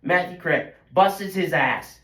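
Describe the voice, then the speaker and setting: A teenage boy and high school golfer venting in a frustrated, self-critical ramble full of restarts. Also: slow, pushed and bright. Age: teens. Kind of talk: emotional venting monologue. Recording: roomy echo.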